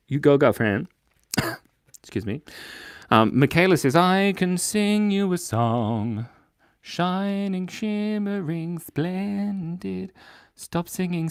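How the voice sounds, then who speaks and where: A man's voice: medium pitch, a little mellow, no echo, studio quality. A man hosting a live children's drawing lesson, playful and jokey, reading viewers' chat aloud as he draws. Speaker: drawing show host.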